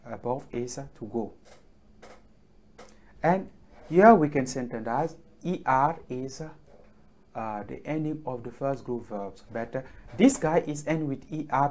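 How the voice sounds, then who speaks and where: A man teaching French in an online lesson, patiently drilling phrases over and over with hesitant pauses. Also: medium pitch, a little mellow.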